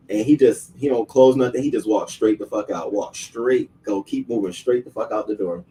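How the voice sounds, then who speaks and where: A man's voice: medium pitch, distant mic, a little hiss or hum, rough recording. A man hosting his own show, telling a personal story in casual, profane speech and acting out the people he quotes. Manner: profane, animated, acts out quoted voices. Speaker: show host.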